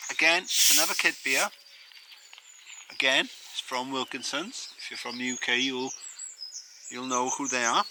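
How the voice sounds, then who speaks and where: A man's voice: medium pitch, noisy background. A man from the United Kingdom vlogging casually outdoors at a campsite, chatty and rambling with plenty of fillers. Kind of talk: casual camping vlog to camera.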